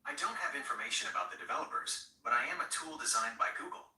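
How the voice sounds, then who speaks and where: A male AI assistant answers in a very bright, fast, polished voice. He is formal and apologetic in a scripted way. It plays through a speaker in a roomy space, away from the mic. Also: mid-range voice, lively intonation, recorded from a distance.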